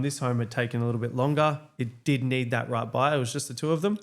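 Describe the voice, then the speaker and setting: A man's voice: medium pitch, steady tone, brisk. A young man, co-hosting a casual real estate chat and recounting client stories. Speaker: real estate agent, podcast co-host.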